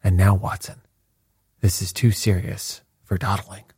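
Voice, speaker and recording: Man doing a cool unruffled detective, quiet and dry, raspy low voice. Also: little pitch movement, a little slow, no room sound, full character voice. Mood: calm. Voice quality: husky. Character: calm, bland, ironic male detective.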